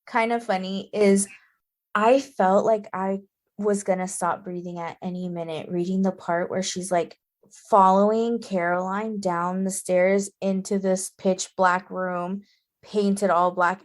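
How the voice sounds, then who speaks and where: A woman co-hosting a casual book-club podcast, who talks in an emphatic, exclamatory way and is quick to get indignant. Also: medium pitch, steady tone. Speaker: podcast co-host.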